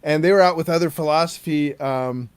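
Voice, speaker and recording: A man's voice: a little high, fairly quick, clear, resonant tone. A man co-hosting a podcast, telling a family story in a rambling, casual way and laughing easily. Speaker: podcast co-host.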